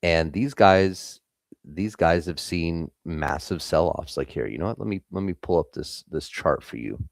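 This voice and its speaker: A man's voice: deep voice, unhurried, gravelly, dry recording, clean studio sound. A young man hosting a live trading stream, giving blunt, casual market commentary and swearing freely.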